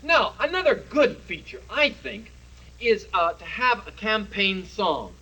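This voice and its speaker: TV puppet comedy: self-important dragon candidate, rambling patter, lively high pitch. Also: male voice, a little slow, breathy edge, full character voice, poor audio. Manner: pompous, rambling salesman patter. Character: boastful good-natured male dragon, perennial candidate. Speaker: puppet character.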